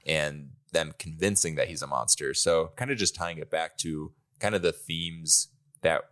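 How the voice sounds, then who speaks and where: A man's voice: very deep voice, moderate pace, a bit bright. A man co-hosting a podcast in casual chat, rambling with many fillers and frequent laughter. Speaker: podcast co-host.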